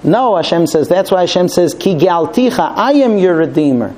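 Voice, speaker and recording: A man's voice: high-pitched, expressive, moderate pace, a little mellow. Earnest man teaching a Torah class. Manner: earnest, storytelling, with restarts and light laughs. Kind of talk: Torah class with personal story.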